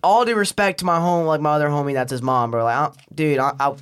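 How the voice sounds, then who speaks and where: A man's voice: a little high, fast, clear, resonant tone. A young man, a podcast guest, telling a wild story in casual chat, swearing and laughing as he goes. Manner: animated, swearing, laughing often, slangy.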